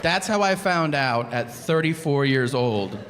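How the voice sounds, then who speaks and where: A man's voice: medium pitch, animated, measured pace, fairly bright tone, long reverb tail, some chatter behind. A man in his thirties doing a stand-up set, telling a story with exasperation and acting out the other people's lines. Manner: storytelling, exasperated, acts out dialogue with voices. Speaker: stand-up comedian. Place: comedy stage before a live audience.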